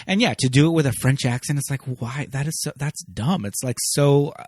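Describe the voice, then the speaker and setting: A man's voice: mid-range voice, fairly quick, a little mellow, no room sound, clean studio sound. Chatty man co-hosting a film podcast. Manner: chatty, loose, lots of restarts and "like". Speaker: podcast co-host. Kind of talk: casual film discussion.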